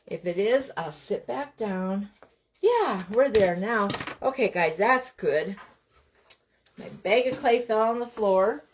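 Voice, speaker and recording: A woman's voice: mid-range voice, slight background noise. A middle-aged woman from Montana talks her viewers through a craft project on a live stream. Her talk is chatty and loose, full of greetings to viewers by name and asides about her day. She works at a table in her home craft room, talking as she goes. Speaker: craft livestream host.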